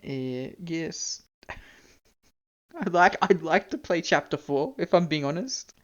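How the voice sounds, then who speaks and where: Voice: mid-range voice, a little slow, dull audio. A young-adult game streamer from Canada, chatting casually, rambling, self-mocking and swearing freely. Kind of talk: casual live-stream chat.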